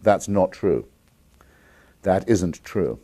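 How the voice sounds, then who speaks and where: A man's voice: sits low, animated, very slow, dark tone. A man in his fifties from England with an English accent, a guest on a call-in interview, articulate and combative, with frequent restarts. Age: 50s. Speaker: interview guest taking viewer calls.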